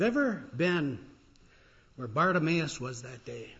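A male pastor preaching with a lively, sweeping pitch that rises into shouts and drops to near murmurs. His voice sits a little high for a man. The recording is dull and lo-fi. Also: a little slow. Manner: dramatic, swings from loud crying out to quiet reflection. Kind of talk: sermon.

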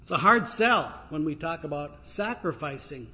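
A man preaching a sermon in a relaxed, folksy way, joking with his congregation and filling pauses with ums and uhs. His voice sits a little high for a man. The recording sounds dull and lo-fi, with faint noise behind it. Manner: folksy, joking, with many fillers. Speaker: pastor.

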